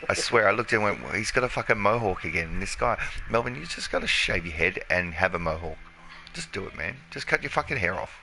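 A man's voice: low voice, expressive, fairly quick, creaky, background noise. Sweary joking gamer guy. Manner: profane, joking, laughing banter. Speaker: gaming streamer. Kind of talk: casual let's play commentary.

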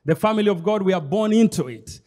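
A man's voice: high-pitched, animated, quick pace, darkish tone. A man preaching a sermon as pastor, emphatic and repetitive, speaking straight to the congregation. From Kenya. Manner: emphatic, repeats phrases, addresses the congregation directly. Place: church hall. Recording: long hall reverb.

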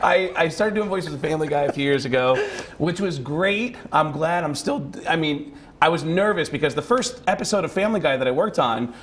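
A male stand-up comedian chatting as a talk-show guest, animated and quick to slip into voices. His voice sits a little high, with a faint hiss under it. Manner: animated storyteller, slips into voices. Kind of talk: casual talk-show interview.

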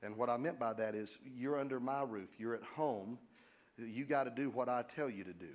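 Middle-aged male pastor, lively joking preacher, bursts of loud emphasis. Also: medium pitch, moderate pace, slight background noise. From United States. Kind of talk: sermon.

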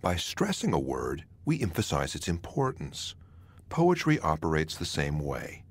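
A man narrating an audio poetry lesson in a measured, scripted way, showing how stressing words changes meaning. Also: extremely low pitch, wildly swooping pitch, breathy edge, no echo. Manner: measured, demonstrates word stress by example.

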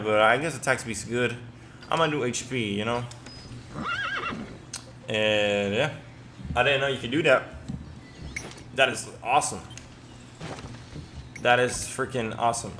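A young man giving casual gameplay commentary, excitable, often stammering and swearing as he reacts. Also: medium pitch, a little hiss or hum. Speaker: gaming commentator.

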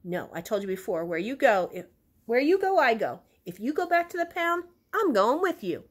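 A woman voicing a tiny, loyal, jumpy little male creature from a children's storybook, with high, excited cries. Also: moderate pace, breathy edge. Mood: loyal earnest.

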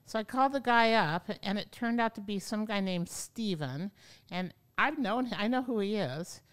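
A woman yoga teacher telling stories as an interview guest, animated and acting out the voices of people she quotes. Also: medium pitch, normal speed, clean tone. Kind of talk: storytelling in an interview. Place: podcast studio.

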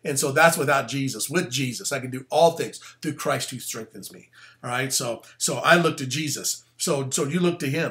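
A man, the pastor, giving a casual, animated sermon full of slang and asides. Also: medium pitch, moderate pace.

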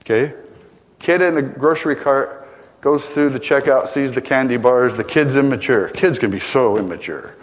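An older man preaching a conversational sermon, often asking "right?", building to emphatic peaks and then dropping quiet. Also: medium pitch, normal speed. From Arizona. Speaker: pastor. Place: church sanctuary. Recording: long hall reverb.

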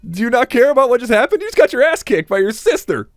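A man's voice: very high voice, big pitch swings, fast talker, dry recording, studio quality. Joking young male game commentator. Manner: joking, crude, laughing, talks to game characters. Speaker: gamer. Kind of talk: let's play commentary.

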